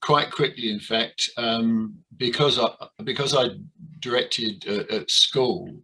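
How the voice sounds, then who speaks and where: An older man being interviewed about his years in amateur theatre, talking with many pauses, fillers and restarts. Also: medium pitch, sharp tone, a little hiss or hum, rough recording. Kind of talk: reminiscing interview.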